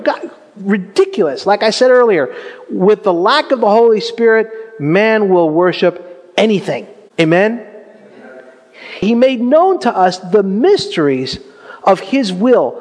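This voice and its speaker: A man preaching a sermon in an animated, conversational way, full of asides and questions to the congregation. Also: high voice, in a large hall. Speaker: pastor.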